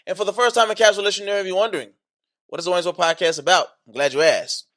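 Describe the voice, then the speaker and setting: A man hosting a podcast in casual chat, slangy and hyped, repeating catchphrases, then slowing into earnest teaching. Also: high-pitched, animated, bright, forceful tone. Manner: switches to slower earnest teaching. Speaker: podcast host.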